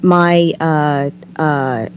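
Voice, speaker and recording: A woman's voice: sits low, fairly even intonation, extremely slow, a little hiss or hum. A woman, a guest on a spiritual talk show, telling a story casually and often murmuring agreement. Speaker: interview guest. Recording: muffled lo-fi recording.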